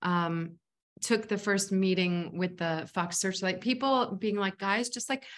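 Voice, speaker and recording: A woman's voice: fairly low pitch, unhurried. A woman, an actress and filmmaker, telling stories in a casual interview, chatty and rambling with many fillers and restarts. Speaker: actress and filmmaker, podcast guest.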